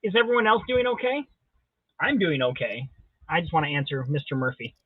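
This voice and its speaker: A man with a notably high voice hosts a live stream in a relaxed, joking way as he reads and answers comments. The sound is dull and dry, with lo-fi stream audio and no room echo. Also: brisk, breathy edge. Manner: jokey, playful, answers viewer comments. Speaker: host of a live drawing stream. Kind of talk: casual live-stream chat.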